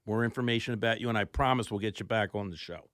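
A male co-host who briskly steers the conversation and introduces a guest. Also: lowish voice, a bit bright, no echo, clean studio sound. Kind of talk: casual radio talk.

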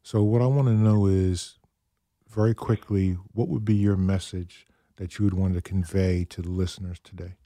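A man hosting a radio interview, asking polite, soft-spoken questions. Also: sits low, little pitch movement, moderate pace, no echo, studio quality. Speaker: radio host.

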